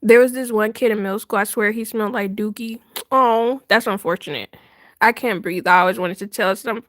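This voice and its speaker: A woman hosting a livestream, telling a story in casual chat, animated and laughing often with dramatic retelling. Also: medium pitch, normal speed, dry recording, clean studio sound. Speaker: livestream host.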